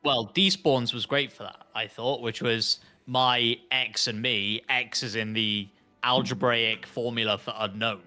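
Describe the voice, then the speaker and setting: A man's voice: medium pitch, steady tone, measured pace, few pauses, bright, forceful tone, faint music behind. A man making wry remarks on a casual gaming podcast. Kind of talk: casual group chat.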